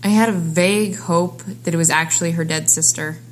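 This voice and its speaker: A woman voicing a terse, deadpan man in a fan audio drama, speaking flatly and low. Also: fairly quick, slight background noise, natural voice. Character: dry gruff man, deadpan vigilante.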